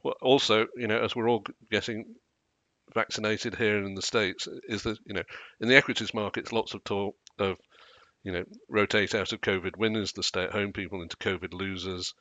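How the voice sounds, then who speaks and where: A man's voice: lowish voice, steady tone, normal speed, bright, forceful tone, dry recording. A man hosting a finance panel from the United States, prompting guests by name. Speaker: host.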